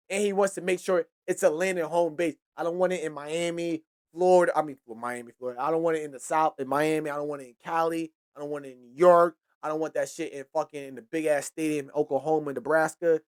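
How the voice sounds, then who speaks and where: A man's voice: fairly high pitch, steady tone, fast talker, hardly any pauses. A man hosting a hip-hop podcast who talks casually and profanely, gives heated opinions and often trails off and restarts his sentences. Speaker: podcast host.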